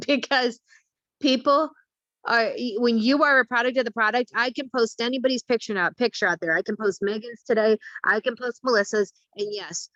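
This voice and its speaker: A woman hosting a casual group video call, talking in an excited, rambling way with lots of fillers. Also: medium pitch, dry recording. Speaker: host. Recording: dull lo-fi video call audio.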